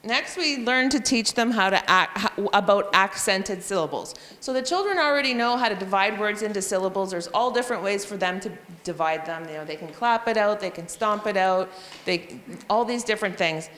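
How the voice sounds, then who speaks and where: A woman teacher walks fellow educators through a phonics method, spelling letters and sounding them out slowly. Her explanatory talk has a long reverb, as if spoken in a large hall. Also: mid-range voice, fairly bright tone. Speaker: reading intervention teacher. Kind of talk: professional development presentation. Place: school room or hall.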